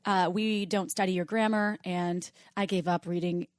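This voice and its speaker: A woman co-hosting a podcast in casual chat, playful and animated. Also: lowish voice, moderate pace, no room sound, studio quality. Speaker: podcast co-host.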